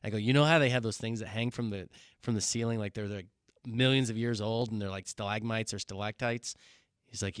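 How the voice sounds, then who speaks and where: A man's voice: lowish voice, fairly quick, clear, resonant tone, dry recording, studio quality. A man telling a funny story in casual podcast chat, acting out what others said and laughing along. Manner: animated storyteller, acts out quotes with laughter.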